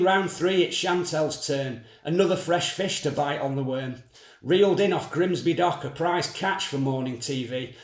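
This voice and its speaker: A man performing dark comedic spoken word in scathing, sardonic rhyming verse. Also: on the high side, reverberant.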